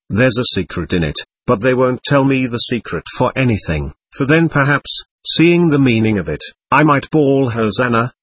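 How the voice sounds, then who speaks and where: A man reading as a sly, husky devil. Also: mid-range voice, fairly bright tone. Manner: ironic, theatrical, self-pitying musing. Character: sly mocking male devil, talkative and sulking. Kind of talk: audiobook reading of a novel.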